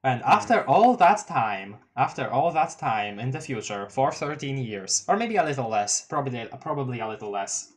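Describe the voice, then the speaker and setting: An excitable streamer reading a webcomic live, reacting out loud and laughing often. The pitch sits in a medium range, and sentences often trail off and restart. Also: normal speed, few pauses. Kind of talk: casual live-read commentary.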